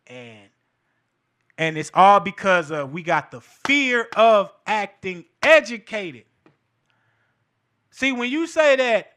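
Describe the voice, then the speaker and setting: Male host, casual profane commentary, high bright voice. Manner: animated and profane, laughs between points. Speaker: show host. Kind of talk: casual cultural commentary monologue.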